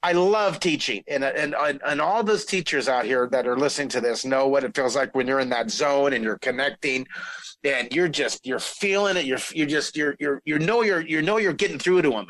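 A middle-aged man telling a story in a casual interview, animated, restarting sentences and acting out what people said. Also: mid-range voice, dry recording, poor audio. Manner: animated, lots of restarts, acts out quoted voices. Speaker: guest telling his career story.

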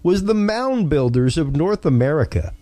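A man's voice: fairly high pitch, sing-song, normal speed, mellow, dry recording. A man hosting a podcast, speaking enthusiastically and casually, with frequent ums and repeated words. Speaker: podcast host.

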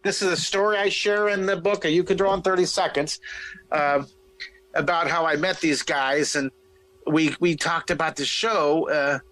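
A middle-aged man telling a story in a casual interview, animated, restarting sentences and acting out what people said. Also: fairly high pitch, normal speed, no room sound, rough recording. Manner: animated, lots of restarts, acts out quoted voices. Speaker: guest telling his career story.

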